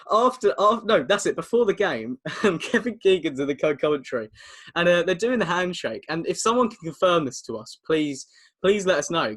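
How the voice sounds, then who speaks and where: A young man in his twenties with an English accent and a fairly bright, high-leaning voice co-hosts a casual podcast over a video call. He's chatty, laughs often, and tells stories.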